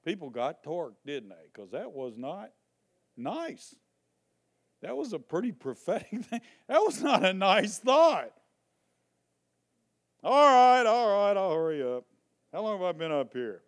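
A man's voice: high voice, big pitch swings, a little slow, long pauses. A man preaching a sermon to his congregation, joking and teasing between Bible readings. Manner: reads scripture aloud and explains it. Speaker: pastor. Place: church before a congregation.

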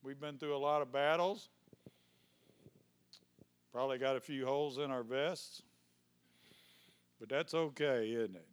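A man, a pastor preaching fervently to his congregation, speaking in tongues, shouting calls and dropping folksy asides. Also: medium pitch, a little slow, pauses often, clear, resonant tone. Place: church sanctuary with congregation. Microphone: handheld microphone.

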